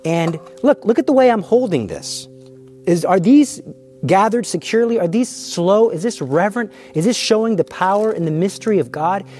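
A man's voice: sits high, animated, moderate pace, a little mellow, soft background music. A man giving a fervent, emphatic teaching on the Eucharist, demonstrating with the hosts as he speaks and asking rhetorical questions.

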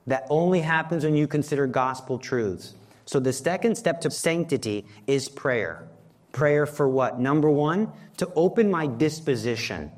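A man's voice: mid-range voice, measured pace. A man preaching a sermon on prayer, earnest, building to emphatic peaks.

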